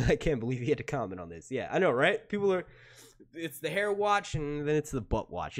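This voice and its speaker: A man in casual livestream chat who rambles and swears freely. His pitch swings widely as he reacts to viewers and laughs at his own tangents. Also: sing-song, fairly quick. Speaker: streamer and show reviewer.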